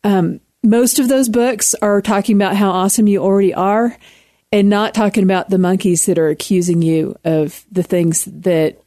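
A woman's voice: mid-range voice, moderate pace, dark tone, no room sound, studio quality. A woman in her fifties with a Texan accent, an author speaking frankly and earnestly as a guest on a radio interview. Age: 50s. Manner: earnest, frank, laughs easily.

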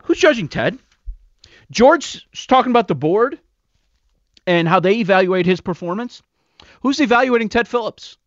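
A man's voice: high-pitched, animated, normal speed, long pauses, no echo. A man hosting a sports talk radio show, taking calls and reeling off numbers emphatically. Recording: muffled radio broadcast.

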